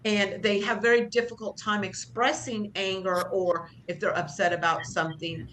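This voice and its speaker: A woman's voice: mid-range voice, steady tone, moderate pace, fairly bright tone, a little hiss or hum. Chatty woman teaching a class. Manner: conversational, self-deprecating, acts out short example lines. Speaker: job training instructor. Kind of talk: classroom lecture.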